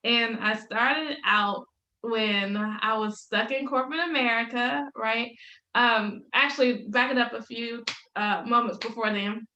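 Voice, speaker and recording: A woman in her thirties, a business coach appearing as a podcast guest, speaks slowly in a higher, pushed, bright voice. Upbeat and laughing often, she tells faith-filled stories in a casual interview, heard over a lo-fi video call with roomy echo.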